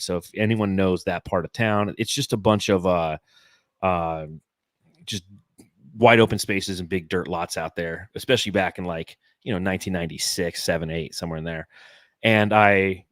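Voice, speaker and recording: In clean, echo-free studio sound, a fairly low-voiced podcast co-host in his forties spins rambling, filler-heavy, profane stories. He's from Phoenix, Arizona, and the show is a laid-back sports podcast.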